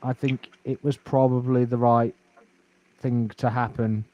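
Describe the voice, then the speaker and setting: A man chatting about football in a relaxed podcast, speaking in a measured way and stumbling over fillers. His voice sounds close and dry. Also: mid-range voice, no room sound, lo-fi sound. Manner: measured, hesitant, many fillers. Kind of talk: casual football chat.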